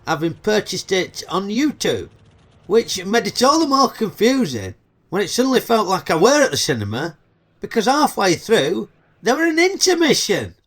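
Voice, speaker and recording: A man's voice: high voice, sing-song, moderate pace, fairly bright tone. A middle-aged man with a Yorkshire accent, hosting a chatty, cheeky comedic film review full of dialect banter. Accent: Northern English, Yorkshire.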